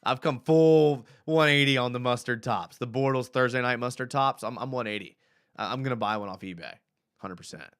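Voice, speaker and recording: A man's voice: mid-range voice, brisk, clean tone. A man hosting a fan live stream, casually reading viewer comments aloud and reacting with laughs. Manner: animated, laughing, reads chat aloud.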